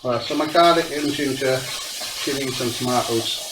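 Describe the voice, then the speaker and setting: A man's voice: medium pitch, normal speed. A young man chatting casually as he cooks at home, explaining each step of his recipe. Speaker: home cook. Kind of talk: casual cooking tutorial. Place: home kitchen. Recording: echoey kitchen from far off, noisy.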